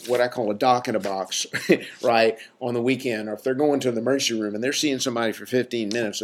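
A man who works in mental health, giving a casual, emphatic talk to his listeners, full of "right?" asides and mocking quoted voices. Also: mid-range voice. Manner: conversational, many fillers and "right?" asides. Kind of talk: casual lecture to an audience.

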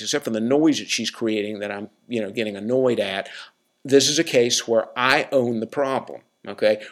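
A male podcast host talking off the cuff at an ordinary middle pitch. He rambles through fillers and asides, then turns blunt and wry. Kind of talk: casual advice monologue.

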